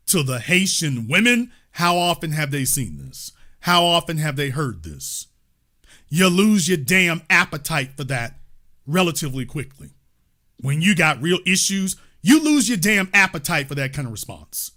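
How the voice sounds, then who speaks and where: A male commentator with a high, lively voice that swings all over its range as he drives his points home. He talks emphatically, with mild cursing and an occasional shout, and his tone is bright and forceful. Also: moderate pace. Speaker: host. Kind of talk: livestream political commentary.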